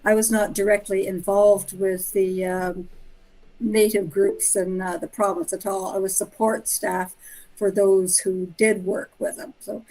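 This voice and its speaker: A woman in her sixties calling in to a casual chat, speaking in a hesitant, soft-spoken way. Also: mid-range voice, little pitch movement, measured pace, poor audio. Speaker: caller.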